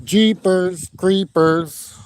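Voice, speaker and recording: A man, his voice sitting high for a man, talks slowly and cheerfully to his live chat. He greets viewers by name while standing out on a frozen lake. The sound comes from a phone mic out in the open wind. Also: fairly even intonation. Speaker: livestream host. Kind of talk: casual live-stream chat. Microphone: phone mic without plugged-in mic, wind noise.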